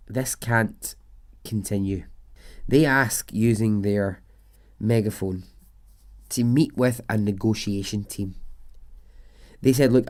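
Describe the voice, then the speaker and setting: Mellow-voiced man telling a story. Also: medium pitch. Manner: chatty, swears, laughs at absurd details. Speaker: podcast host and storyteller. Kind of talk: casual storytelling narration.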